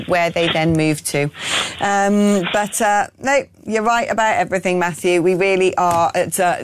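A woman's voice: medium pitch, background noise. A woman hosting a political talk radio show, opinionated and blunt, reading out listener messages with frequent ums and restarts.

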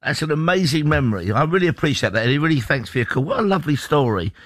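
A man hosting a radio phone-in, brisk and enthusiastic, chatting with callers from a studio microphone. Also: on the high side, sing-song, a bit bright, no room sound.

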